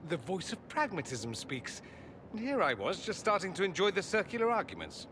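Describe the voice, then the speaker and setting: A man's voice: high voice, wildly swooping pitch, fairly quick, a bit bright, in a large hall, slight background noise, heavily acted. An actor playing a witty, sardonic male mage with dry, teasing charm in a video game. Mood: wry.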